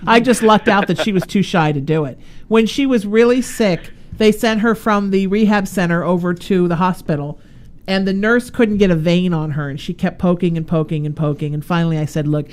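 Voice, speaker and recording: A woman's voice: fairly low pitch, a little fast, darkish tone. A woman hosting a radio show, telling family stories in a chatty, laughing way. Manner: chatty, laughing, self-deprecating storyteller. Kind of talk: casual storytelling chat. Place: radio studio with a live audience.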